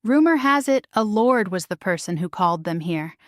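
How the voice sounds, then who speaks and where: A woman's voice: mid-range voice, animated, normal speed, no room sound, studio quality, natural voice. A woman voicing a gaudy, gossiping noblewoman who speaks in a fake English accent, in a storybook reading. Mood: haughty. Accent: put-on English. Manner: gossiping, secretive.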